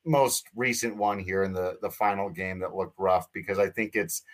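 Low-voiced man chatting about baseball. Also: fairly even intonation, moderate pace. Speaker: baseball podcast co-host. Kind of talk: casual sports chat.

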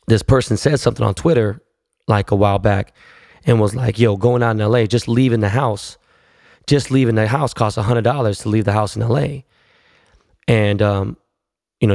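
A man's voice: fairly low pitch, fairly even intonation, normal speed, vocal fry, pauses often, a little mellow, no echo, studio quality. A man, hosting a casual solo podcast and telling stories in a profane, laid-back way full of slang. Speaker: podcast host.

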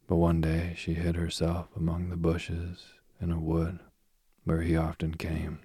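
Deep gravelly guy reading a bedtime myth, super slow and flat, soft whispery bits. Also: no echo, clean studio sound. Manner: slow, soothing, drifting into whispers. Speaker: sleep story reader.

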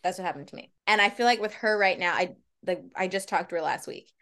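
A woman guest on a podcast interview chatting casually, animated and reflective, often laughing. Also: on the low side, fast talker. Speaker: guest, Broadway actress.

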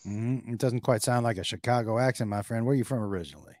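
A man's voice: medium pitch, fast talker, a little mellow, dry recording, studio quality, voice pushed down, lightly acted. A man voicing a boastful, folksy male country music star who hosts his own show and plugs himself. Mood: welcoming. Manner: folksy, self-promoting showman.

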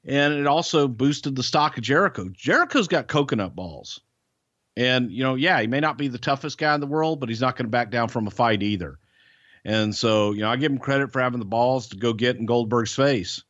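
A man's voice: mid-range voice, fairly quick, a bit bright, no echo, muffled recording. Blunt, folksy podcast man. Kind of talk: casual storytelling chat.

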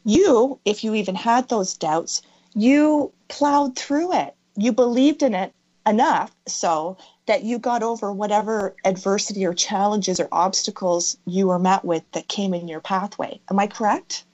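A woman's voice: mid-range voice, a little slow, a little mellow, no room sound. A woman interviewing and coaching, talking emphatically and repeating key phrases for stress. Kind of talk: motivational coaching conversation. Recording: dull lo-fi audio.

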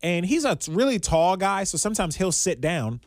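A man's voice: high voice, very animated, moderate pace, dry recording, clean studio sound. A man co-hosting a podcast, telling a story in casual chat and laughing often. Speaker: podcast co-host.

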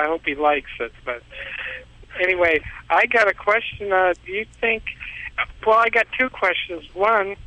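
A man's voice: high voice, pushed and bright, no echo, highs cut off. A man calling in, telling a long story in a rambling, repetitive way and laughing at himself. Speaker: caller. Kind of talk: casual phone-in storytelling.

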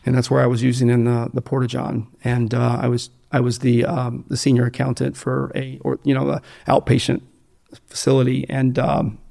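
A man's voice: mid-range voice, monotone, moderate pace, vocal fry, mellow. An American man speaking bluntly and profanely, rambling with fillers and restarts as he tells his story in an interview. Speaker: guest telling his addiction story.

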